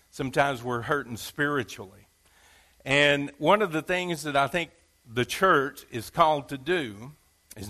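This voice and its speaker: A man's voice: fairly high pitch, sharp tone. A male pastor preaching a Sunday sermon, telling stories with repeated phrases and folksy asides. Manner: storytelling with repetition and asides.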